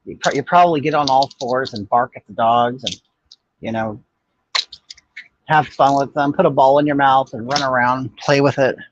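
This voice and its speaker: A steady, medium-pitched male voice at normal speed belongs to an older man running a casual livestream chat. He fields viewer comments bluntly, with sass and gossip, over slight background noise on dull, muffled, dry audio.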